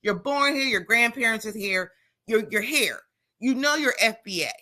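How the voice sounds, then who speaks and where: A woman's voice: a little high, expressive, moderate pace, pushed and bright. A woman calling in to a talk show, a teacher, speaking bluntly and emphatically. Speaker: caller, teacher. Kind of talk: call-in radio talk.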